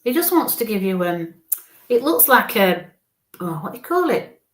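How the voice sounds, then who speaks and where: A woman giving a live psychic reading in a gentle, reassuring way, often checking in with "okay?". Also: medium pitch, very animated, moderate pace. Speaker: psychic medium.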